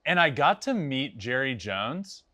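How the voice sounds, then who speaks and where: A young man hosting a podcast, chatting casually and telling animated, laughing stories. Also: mid-range voice, measured pace, dry recording. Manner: animated storyteller, laughs often. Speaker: podcast host. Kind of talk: casual interview chat.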